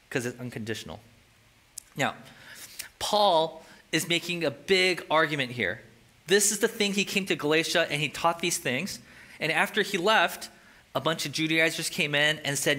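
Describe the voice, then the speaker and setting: A man preaching a casual, animated sermon, acting out quoted voices and making jokey asides. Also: a little high, normal speed. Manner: casual and conversational, with filler words. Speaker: pastor.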